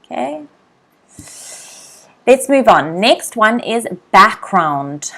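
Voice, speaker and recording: A young woman with an Australian accent teaching English vocabulary in a live online lesson, repeating each word slowly and greeting viewers by name. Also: on the high side, sing-song, creaky, a bit bright. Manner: slow, drilled word repetition.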